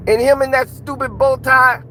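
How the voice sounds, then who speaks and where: A man putting on a shrill, high, threatening voice as an enraged, boastful boxer. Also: little pitch movement, moderate pace, sharp tone, slight background noise. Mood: menacing, indignant. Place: inside a car.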